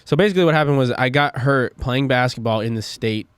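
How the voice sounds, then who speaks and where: A man's voice: medium pitch, fast talker, clean tone, no room sound, clean studio sound. A young man co-hosting a podcast, telling rambling stories full of fillers and swearing in casual chat. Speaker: podcast co-host.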